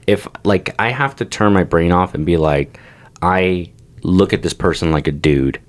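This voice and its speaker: Very low-pitched young man in a casual podcast chat, swears a lot, tells stories with big animated voices, loose and rambling. He sounds like a regular on the show, trading stories with his co-hosts. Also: normal speed. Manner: crude, animated storyteller who swears freely. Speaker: podcast co-host.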